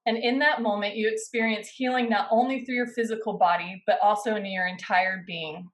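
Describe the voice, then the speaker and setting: A woman pastor preaching a sermon, guiding her listeners through a scene in the second person with slow, dramatic pauses. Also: medium pitch, steady tone, rough recording. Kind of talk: sermon with guided imaginative narration.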